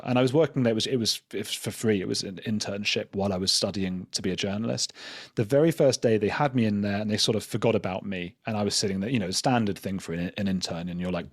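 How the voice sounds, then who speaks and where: A man sits for a podcast interview and recounts stories in a loose, self-deprecating ramble, leaning on "like" as he goes. His voice sits fairly low. The sound is close and dry, with no room echo. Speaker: journalist and podcast guest. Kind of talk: casual storytelling in an interview.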